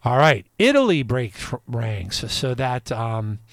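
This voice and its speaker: Male podcast host, chatty news commentary, lively pitch, digressive, laughs often. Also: slow, no echo.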